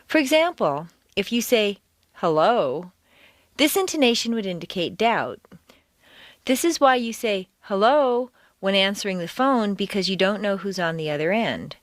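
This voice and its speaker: A woman reading a scripted audio lesson as a pronunciation coach, giving clear, deliberate instructions and stressing words strongly to show intonation. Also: medium pitch, lively intonation, no echo, studio quality. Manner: clear, deliberate teaching delivery with exaggerated stress. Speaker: accent coach.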